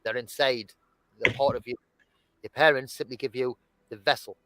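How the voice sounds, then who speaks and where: A man's voice: medium pitch, fairly even intonation, normal speed, sharp tone, no echo, faint music behind, rough recording. A man talking as a guest in an unscripted conversation, rambling and restarting his thoughts. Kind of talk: casual conversation.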